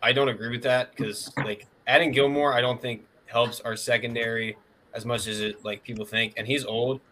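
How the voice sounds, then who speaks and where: A man co-hosting a casual sports podcast, giving opinions quickly with many "likes". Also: medium pitch, fairly even intonation, bright, forceful tone, a little hiss or hum. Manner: quick, opinionated, uses "like" often. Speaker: podcast co-host.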